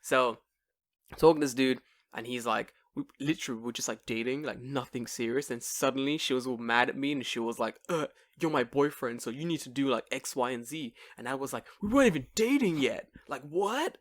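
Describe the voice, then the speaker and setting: A young man with a mid-range voice co-hosts a casual podcast, telling a story at a brisk clip. He's an animated storyteller who swears freely and acts out the voices of the people he quotes.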